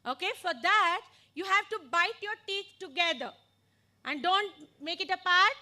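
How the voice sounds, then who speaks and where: A woman training teachers in phonics, modeling letter sounds slowly and deliberately. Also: extremely high pitch, lively intonation, bright, forceful tone.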